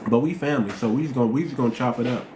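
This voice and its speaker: A man's voice: mid-range voice, racing. A man from the United States hosting a casual live stream, talking in a slangy, emphatic way and repeating himself for weight. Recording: roomy echo, faint noise.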